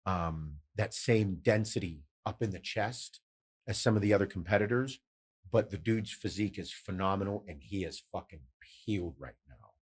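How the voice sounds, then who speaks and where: A middle-aged man hosting a podcast in casual, animated chat, swearing freely and telling stories. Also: sits low, moderate pace, husky. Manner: animated, swearing, storytelling with quoted voices. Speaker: podcast host.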